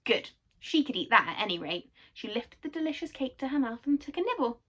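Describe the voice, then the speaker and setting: A woman reading a children's book aloud, telling it expressively and softly. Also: high-pitched, sing-song, a little fast. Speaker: storyteller.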